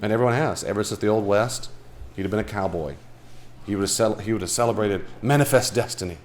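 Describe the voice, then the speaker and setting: A man leading a casual Bible study group, chatty and animated, talking with asides to the people in the room. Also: fairly low pitch, slight background noise. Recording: live room recording, faint background.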